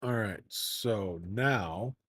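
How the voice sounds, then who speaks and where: A man's voice: fairly low pitch, very slow, a bit bright, breathy edge, dry recording, studio quality. A man streaming a game live, commenting in a playful, jokey, self-mocking way.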